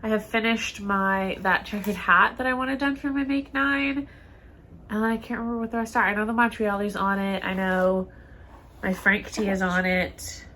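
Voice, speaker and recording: A woman's voice: medium pitch, fairly even intonation, normal speed, pushed and bright, slight background noise. A woman co-hosting a knitting podcast, chatting casually and rambling with lots of fillers, a bit stuffy in the nose. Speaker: podcast co-host.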